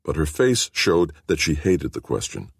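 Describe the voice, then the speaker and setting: A man narrating an audiobook with expressive storytelling. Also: rumbling low, moderate pace, vocal fry, breathy edge, no room sound, clean studio sound. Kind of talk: scripted narration.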